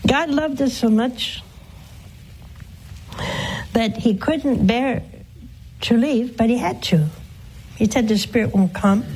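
Nun preaching on a tv call-in show, real slow and earnest, voice on the high side. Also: female voice, expressive, darkish tone, a little hiss or hum, rough recording. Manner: slow, earnest, swooping up for emphasis. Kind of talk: preaching and answering callers.

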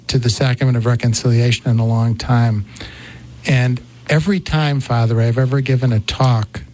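Male talk host, mid-pitched voice, animated storyteller, chatty. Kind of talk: casual chat.

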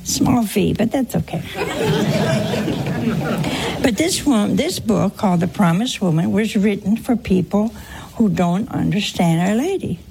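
A woman delivers a conversational sermon at an unhurried pace. Her voice has a gravelly edge, and she keeps it light and humorous, teasing her listeners with rhetorical questions. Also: medium pitch, lively intonation, crowd noise, background noise. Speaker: preacher.

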